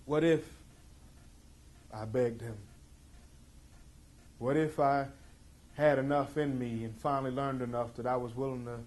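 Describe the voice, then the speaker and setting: A man's voice: mid-range voice, steady tone, measured pace, long pauses. Intense storytelling man. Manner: intense, emphatic, swings between loud and hushed. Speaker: speaker. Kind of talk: dramatic storytelling talk.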